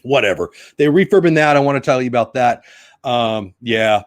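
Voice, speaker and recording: A chatty man hosts a live news stream, reading headlines and greeting viewers in the chat by name. His pitch sits in the middle range for a man. The sound is dry and close, with little room around it. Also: lively intonation, normal speed, no room sound.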